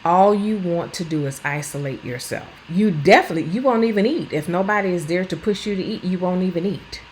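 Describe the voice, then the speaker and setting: A woman in her fifties, a lifestyle vlogger, chats casually at home while cleaning, earnest and bluntly plainspoken. Her voice is fairly low and brisk, and the poor-quality audio has a little hiss or hum.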